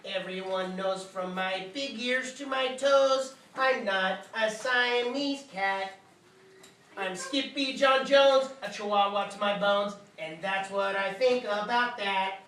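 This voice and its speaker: A woman's voice: mid-range voice, slow, a bit bright. A woman voicing a boastful young kitten hero who thinks he is a Chihuahua, singing rhymes with a put-on Spanish flair. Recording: echoey room, reader far from mic, faint hiss.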